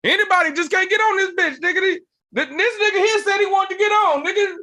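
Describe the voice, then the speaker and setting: A man doing a loud abrasive promoter uncle. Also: extremely high pitch, quick pace, voice pushed up. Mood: scornful yelling. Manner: yelling, profane, dismissive. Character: loud abrasive middle-aged male comedy promoter.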